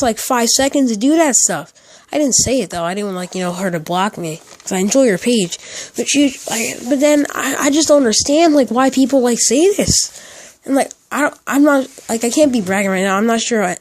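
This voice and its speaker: A man's voice: extremely high pitch, brisk, dry recording. A teenage boy telling a casual storytime, rambling with lots of fillers and restarts. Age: teens. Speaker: storytime YouTuber.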